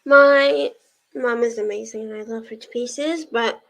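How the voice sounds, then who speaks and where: On a rough recording with slight background noise, a young woman chats casually with her live stream audience while hosting reading sprints. She laughs often and gets teary. Her fairly high, fairly bright voice stays steady, with vocal fry and a measured pace.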